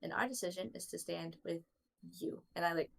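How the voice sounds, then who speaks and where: A woman's voice: lowish voice, brisk, vocal fry. A woman playing a tabletop role-playing game, speaking in character firmly and emphatically, repeating phrases for weight. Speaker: tabletop role-play player.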